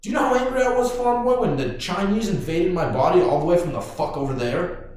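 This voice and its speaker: A man hosting a podcast, ranting casually in a profane, excitable way. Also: high voice, fairly quick, slight background noise. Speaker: podcast host. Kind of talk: casual rant. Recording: very echoey room.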